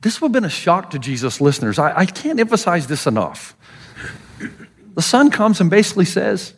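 A man's voice: sits high, brisk. A middle-aged man with an American Southern accent preaching a sermon, telling stories and acting out the people he quotes. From Southern United States. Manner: animated storytelling, voicing quoted people. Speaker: pastor.

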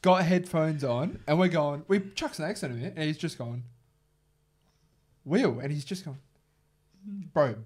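A young man, a podcast guest who tells animated stories to his roommates and keeps saying "bro". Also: a little high, moderate pace. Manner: animated storyteller, says bro a lot. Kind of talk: casual banter among roommates.

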